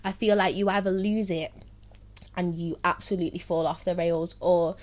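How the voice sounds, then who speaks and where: A woman's voice: on the low side, fairly even intonation, normal speed. A young woman telling her own story candidly, often laughing through painful memories and saying "like" a lot. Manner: heavy use of "like" and "so, yeah". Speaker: host of her own series.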